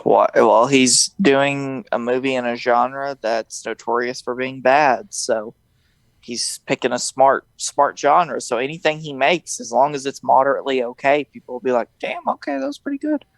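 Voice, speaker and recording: A young man hosts a casual podcast chat, laughing a lot and staying animated while he mimics the voices of people in his stories. He speaks at normal speed in a medium-pitched voice, and the recording is dry.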